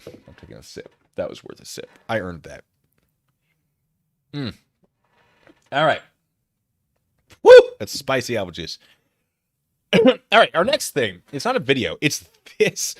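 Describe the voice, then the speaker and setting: A man's voice: mid-range voice, wildly swooping pitch, moderate pace, long pauses, no room sound, studio quality. A man hosting a casual livestream, reacting with sarcastic commentary and frequent laughter. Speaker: streamer.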